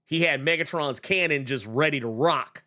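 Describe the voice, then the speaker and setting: A man co-hosting a casual comic book talk show, animated and swearing freely, with loud laughs between points. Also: a little high, normal speed. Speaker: podcast co-host.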